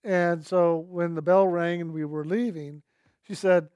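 A man's voice: sits high, fairly even intonation, unhurried, a little mellow, smooth, dry recording. Earnest man retelling a memory. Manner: reflective, earnest, quotes others in his own voice. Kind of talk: personal storytelling.

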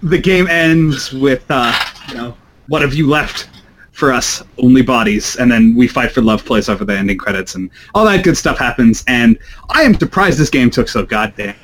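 A man running a tabletop game, chatting in a laughing, excitable way. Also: mid-range voice, normal speed, background noise. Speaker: game designer and game master. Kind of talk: casual chat.

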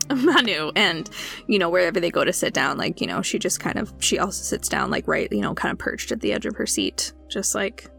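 Lady player, playful, bright and a bit gravelly, swoopy voice, music behind. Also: fairly low pitch, sing-song, a little fast.

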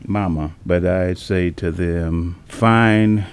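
Middle-aged man guest, very low voice, plain-spoken and hesitant. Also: steady tone, normal speed, darkish tone. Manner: plain-spoken, hesitant, with many filler uhs. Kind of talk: casual faith-based chat.

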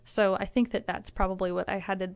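A woman's voice: medium pitch, fairly even intonation, fast, clear, resonant tone. A woman speaking reflectively and hesitantly in a casual group discussion, often trailing off. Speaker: discussion participant.

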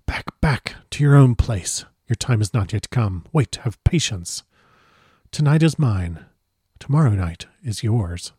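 A man voicing a suave, sinister old male vampire count who speaks with smooth, soft courtesy. The recording is dry. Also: medium pitch, animated, a little slow, dry recording. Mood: hushed, commanding.

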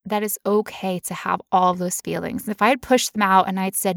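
A woman's voice: medium pitch, a little fast, few pauses, dry recording, studio quality. A woman telling a personal story in casual chat, candid and emotional, now and then putting on playful voices.

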